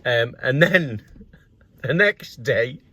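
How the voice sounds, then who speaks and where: A middle-aged man tells an old story to his vlog audience, his pitch swinging widely as he acts out what everyone said. His voice is a little husky, and the sound is dry and close. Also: extremely slow, dry recording. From North East England. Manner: animated anecdote with acted quotes and laughs. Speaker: grass cutting business owner and vlogger. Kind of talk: casual storytelling.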